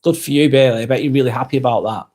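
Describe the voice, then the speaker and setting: Speaking fast in a mid-range voice, a British live streamer reads out comments from viewers. His replies are gentle and sympathetic, sprinkled with light laughter.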